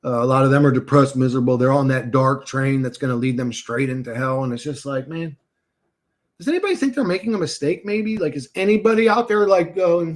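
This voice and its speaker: A man's voice: medium pitch, expressive, a little fast. Brief: male streamer, heated profane rant, reacting to chat. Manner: agitated, profane, talks back to chat comments. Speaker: livestream host reading chat. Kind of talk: casual livestream rant.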